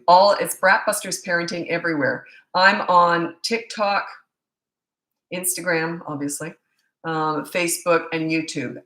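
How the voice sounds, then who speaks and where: A woman's voice: low-pitched, gravelly, a bit bright, roomy sound. A middle-aged woman coaching parents in a rambling, chatty live Q&A with many asides. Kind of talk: casual live Q&A.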